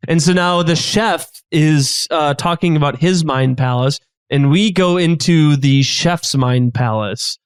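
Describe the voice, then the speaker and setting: A man narrating an improvised comedy role-play as guest game master, quick and animated with frequent stumbles. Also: a little high, clear, resonant tone, no echo, studio quality.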